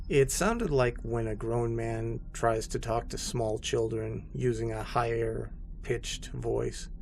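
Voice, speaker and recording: A man narrating a scripted horror story in a slow, hushed and somber way. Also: mid-range voice, gravelly.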